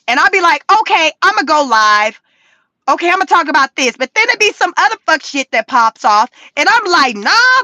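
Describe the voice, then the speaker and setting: A woman talking casually on a livestream, profane and animated, laughing often. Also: high-pitched, no echo. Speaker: YouTube commentary creator.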